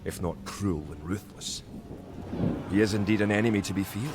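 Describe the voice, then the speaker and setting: An actor voicing a solemn Scottish tutorial narrator in a video game, speaking in a measured, instructive manner. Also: male voice, fairly low pitch, background noise, close to an everyday voice. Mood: grave. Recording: game audio with loud music.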